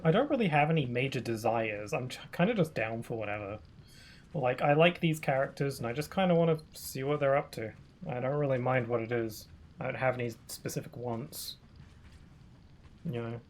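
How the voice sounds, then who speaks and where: Rambling male game streamer. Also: medium pitch. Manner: rambling, many fillers. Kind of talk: casual gameplay commentary.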